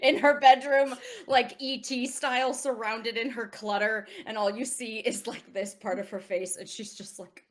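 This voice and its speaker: A woman playing a tabletop game, talking in an animated way and quick to laugh. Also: on the high side. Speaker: player.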